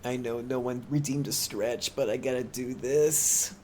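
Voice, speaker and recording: A man's voice: medium pitch, steady tone, measured pace, mellow, slight background noise. A young man streaming live, chatting casually with his viewers in a rambling way and often correcting himself. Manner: rambling, with frequent self-corrections. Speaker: livestreamer.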